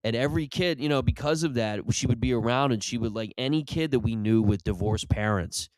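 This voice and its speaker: A man's voice: medium pitch, a little fast, darkish tone, dry recording. A man hosting a comedy podcast, rambling through a casual monologue with restarts and sudden mock-ad bursts. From Irish family background. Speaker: comedian host.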